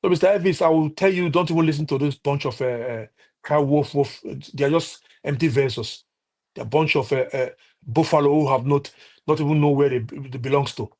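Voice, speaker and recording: On a live stream, a man with a Nigerian accent delivers heated political commentary, scolding as he goes. His speech halts with many restarts, and his voice is on the high side and a little mellow.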